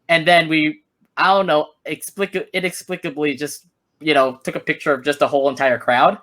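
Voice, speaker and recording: A man's voice: medium pitch, a bit bright. A man chatting as a podcast guest, easygoing as he recounts memories. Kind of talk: casual chat.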